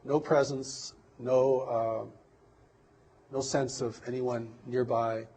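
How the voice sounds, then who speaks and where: A man giving an interview, speaking in a measured, reflective way with some halting pauses. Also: mid-range voice, flat delivery, mellow, slightly rough, rough recording. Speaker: interview guest. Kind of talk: earnest interview conversation.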